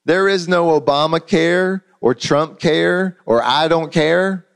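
A man's voice: a little high, takes it slowly, gravelly, clear, resonant tone. A man preaching a sermon in a conversational, storytelling way, often repeating words as he goes. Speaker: pastor.

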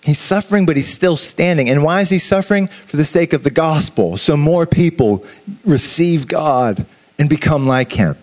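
A man giving an informal sermon, talking in an animated, conversational way with asides to the listeners and frequent restarts. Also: a little high, moderate pace. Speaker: preacher. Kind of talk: informal sermon to a youth audience.

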